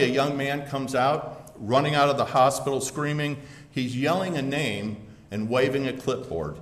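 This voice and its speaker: A man preaching a sermon, telling a story with dramatic swells and sudden quiet drops. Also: medium pitch. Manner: dramatic storytelling, swelling then dropping to a hush. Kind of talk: sermon illustration told as a story. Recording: echoey hall with long reverb.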